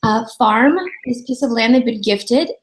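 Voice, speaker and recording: A woman's voice: fairly high pitch, steady tone, measured pace, a little hiss or hum, poor audio. A woman hosting an interview show, chatting freely and acting out the voices of people in her stories. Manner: chatty storyteller, acts out quoted voices. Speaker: radio show host. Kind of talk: casual interview chat.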